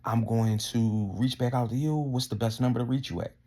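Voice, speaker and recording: A man's voice: mid-range voice, fairly even intonation, brisk, warm tone, lightly acted. A man quoting a falsely friendly woman clerk on the phone, in a placating, mock-soothing tone. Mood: breezy. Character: smooth-talking female office clerk on the phone.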